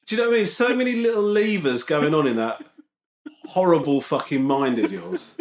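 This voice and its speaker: A man's voice: a little high, lively intonation, brisk, echoey room, slight background noise. A man co-hosting a comedy podcast, teasing his partner in a dry, wry way. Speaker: podcast co-host. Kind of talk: casual comedic chat.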